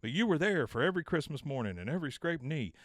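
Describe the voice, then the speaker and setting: A man's voice: fairly high pitch, big pitch swings, quick pace, no echo, studio quality, voice pushed up. A man voicing a stern, plain-spoken middle-aged dad while retelling a cartoon scene, talking firmly. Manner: firm, scolding.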